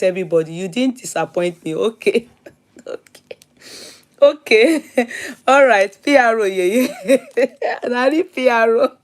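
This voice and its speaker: A woman's voice: on the low side, a little mellow. A middle-aged Nigerian woman hosting a live stream, chatting casually, reading out viewer comments and names and laughing often. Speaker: host of a live commentary show.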